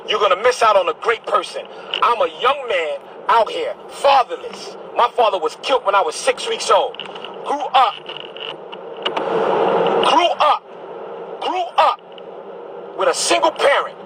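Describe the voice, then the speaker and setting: A man's voice: high voice, lively intonation, moderate pace, noisy background. A man from Brooklyn, a bishop delivering a heated, combative monologue to camera, repeating his phrases as he preaches. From Brooklyn, New York.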